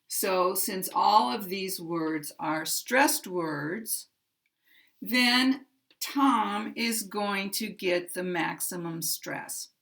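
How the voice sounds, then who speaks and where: A woman teaching American English pronunciation, speaking slowly and carefully and modeling example sentences. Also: mid-range voice, creaky, a bit bright. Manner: very slow and careful, drawing out key words. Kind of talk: slow, deliberate teaching with spoken examples.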